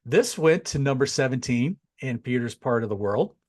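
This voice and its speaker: A middle-aged man hosting a casual chat show, animated and chatty, wandering into asides. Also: medium pitch, normal speed. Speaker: podcast host. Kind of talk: casual chat over a video call.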